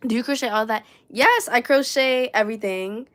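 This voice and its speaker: A woman's voice: a little high, normal speed, a bit bright. A young woman with a New York accent, chatting casually and rambling on a crochet livestream from her room at home, swearing now and then and reading viewer comments aloud. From New York City.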